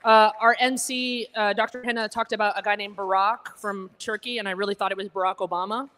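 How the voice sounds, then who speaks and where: A woman's voice: medium pitch, fairly even intonation, fairly quick, fairly bright tone. Woman stand-up, American accent like someone from Connecticut, at a gala, teasing and self-deprecating. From Egypt, raised in Alabama. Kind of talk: stand-up comedy set. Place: banquet hall with a live audience.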